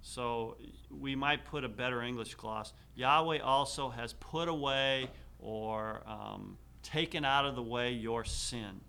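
Bright-voiced man teaching a class. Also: medium pitch, vocal fry, smooth. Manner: slow, deliberate reading with frequent fillers. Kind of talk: classroom lecture.

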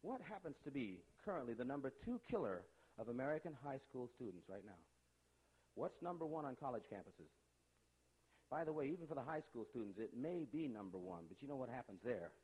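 A man lectures a live audience with a slightly husky voice. His pitch rises and falls in lively swings. He talks in a conversational, emphatic way and peppers his points with rhetorical questions. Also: brisk, poor audio. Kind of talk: animated lecture.

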